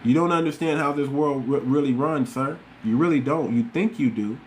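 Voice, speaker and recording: At a medium pitch and moderate pace, this podcast host talks over slight background noise. His casual monologue is blunt and repetitive, aimed directly at his listeners.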